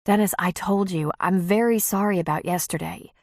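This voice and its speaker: A woman's voice: fairly low pitch, normal speed, no room sound, studio quality. A woman reading an audiobook, voicing a flustered, apologetic bride-to-be who talks defensively. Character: anxious, apologetic young bride-to-be.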